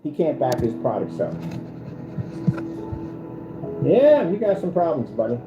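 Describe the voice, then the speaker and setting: A man's voice: on the high side, big pitch swings, a little fast, dull audio. Male host, confrontational rant, music playing underneath. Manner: taunting, repetitive, confrontational. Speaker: channel host. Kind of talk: ranting commentary video. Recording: echoey room with music behind.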